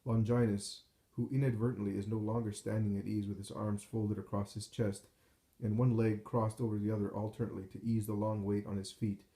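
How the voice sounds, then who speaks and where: A man reading a devotional text aloud in a slow, solemn, measured way, recorded in a roomy space with echo. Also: lowish voice, level tone, mellow. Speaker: narrator.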